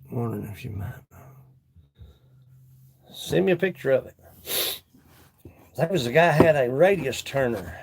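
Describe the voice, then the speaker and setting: A man's voice: mid-range voice, creaky, a little mellow, slight background noise. A man talking casually on a live stream from his woodshop, rambling and chatting with viewers between tasks. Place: woodworking shop.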